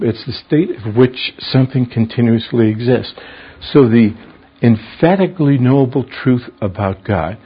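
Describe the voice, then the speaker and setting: A man's voice: mid-range voice, breathy edge. A man teaching a verse-by-verse Bible study. He explains the meanings of words and puts questions to his class. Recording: dull lo-fi recording.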